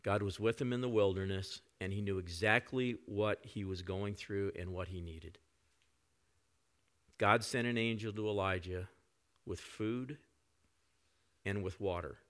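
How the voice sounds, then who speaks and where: A male pastor preaching a conversational sermon, often dropping to soft reflective tones. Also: on the low side, unhurried, pauses often.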